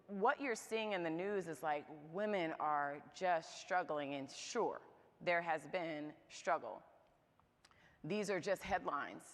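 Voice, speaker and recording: A woman with a somewhat low voice gives a candid, humorous motivational talk to a live audience. Her voice rings out with a long reverb in a church hall. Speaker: speaker at a moms' event.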